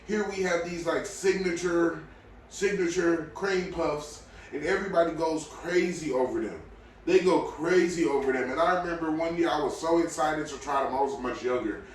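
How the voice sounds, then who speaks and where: A man hosting a podcast, talking casually in a blunt, opinionated way that swings between low mutters and loud outbursts. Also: normal speed, slight background noise. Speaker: podcast host. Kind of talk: casual solo podcast rant. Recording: very echoey room, mic at a distance.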